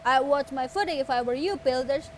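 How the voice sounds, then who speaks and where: A bold ship captain barks orders in a theatrical, commanding manner, read out by a woman. The voice stays high and light. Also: brisk, a little hiss or hum, natural voice.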